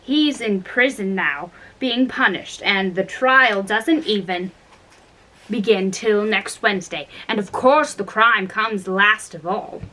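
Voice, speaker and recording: A woman reading aloud and voicing a scatterbrained, fussy queen in a lowered, careless tone. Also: slow pace, sharp tone, poor audio. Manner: careless tone, breaks into shrill screaming. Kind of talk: storybook reading.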